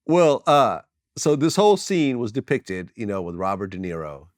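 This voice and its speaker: A man's voice: fairly low pitch, very animated, moderate pace, no room sound, studio quality. A man interviewing a guest, asking leading questions and answering with short affirmations.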